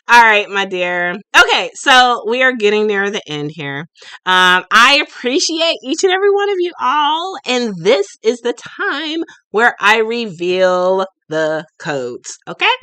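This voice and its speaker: A woman's voice: fairly high pitch, big pitch swings, unhurried, sharp tone, clear, resonant tone, no echo. A woman in her late thirties hosting a casual live stream, chatty and goofy, laughing often as she talks to viewers. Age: late 30s. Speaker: livestream host and shop owner.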